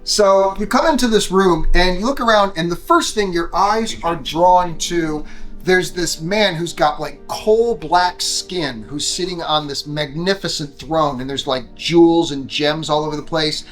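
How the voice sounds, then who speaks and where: A man's voice: on the high side, a little slow, a bit bright. A man narrating as game master of a tabletop game, playful and teasing with his players. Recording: echoey room with faint music.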